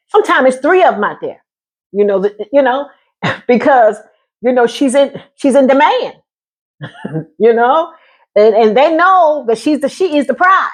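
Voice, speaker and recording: This vlogger talks relationships with her viewers in a casual, sassy way, calling them honey and laughing often. Her voice sits on the high side with lively intonation and a breathy edge, moving at a moderate pace with frequent pauses.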